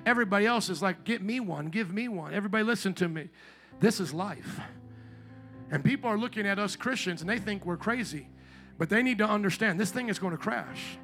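A man preaching from the pulpit in a high, bright voice, fervent and emphatic. He slows way down to lean on every scripture quote. A faint guitar plays quietly beneath him. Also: expressive. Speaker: pastor. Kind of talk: sermon. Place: church sanctuary. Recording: faint guitar music behind.

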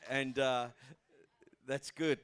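An Australian man in his fifties preaches at a church as a guest pastor. He talks in a chatty, self-deprecating way, with plenty of fillers and asides, in a mid-pitched voice. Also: little pitch movement, very slow, a bit bright, smooth. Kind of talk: informal sermon.

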